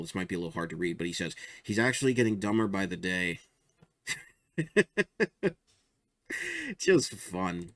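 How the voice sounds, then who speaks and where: Low-voiced chatty man showing comics. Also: a bit bright, dry recording. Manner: chatty, rambling, chuckles at his own jokes. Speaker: comic strip creator. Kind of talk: casual show-and-tell commentary.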